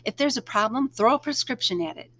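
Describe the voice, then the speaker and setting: A woman reading aloud, voicing a blunt, confiding woman teacher who talks wryly and briskly. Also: on the high side, animated, pushed and bright.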